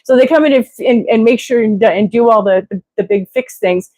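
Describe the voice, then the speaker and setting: A woman's voice: fairly high pitch, fairly quick, mellow, no echo. A woman hosting a casual livestream, rambling and digressing with many fillers and restarts, now and then acting out quoted voices. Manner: acts out quoted voices with exclamations. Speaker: livestream host.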